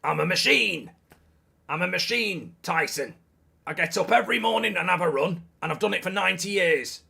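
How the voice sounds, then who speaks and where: A man's voice: high voice, animated, moderate pace, vocal fry, sharp tone, slightly rough, voice pushed up, heavily acted. A man doing an impression of a boastful older man who rambles contentedly about his daily routine. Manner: rambling, self-satisfied. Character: boastful rambling older boxing trainer dad.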